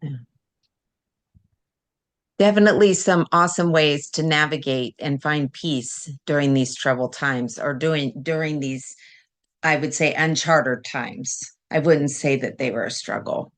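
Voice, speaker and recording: A woman hosting a live panel who introduces speakers graciously, rambling a little and pausing often with fillers. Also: deep voice. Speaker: host and minister introducing speakers.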